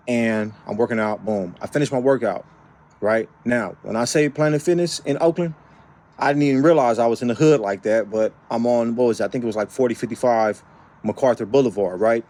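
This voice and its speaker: A man from the Bay Area telling a personal story in an animated, emphatic way, with frequent tag questions and repeated phrases. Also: mid-range voice, moderate pace. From San Francisco Bay Area. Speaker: vlogger. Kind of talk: casual storytelling.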